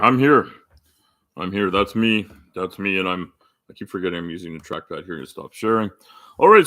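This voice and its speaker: A man's voice: mid-range voice, fairly bright tone, no echo. A middle-aged man hosting a casual livestream chat, rambling with frequent restarts, fillers and profanity. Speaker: streamer host.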